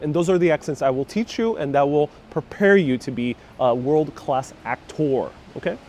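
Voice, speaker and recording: A man's voice: a little high, expressive, normal speed, darkish tone, slight background noise. A man hosting a casual walking live stream outdoors on a city street, joking around and reading viewer comments aloud. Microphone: phone on gimbal with wireless lapel mic.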